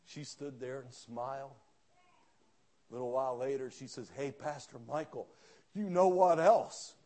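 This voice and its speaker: A pastor preaching a sermon, telling a story with quoted dialogue and rising to fervent outbursts. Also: male voice, mid-range voice, measured pace, dark tone.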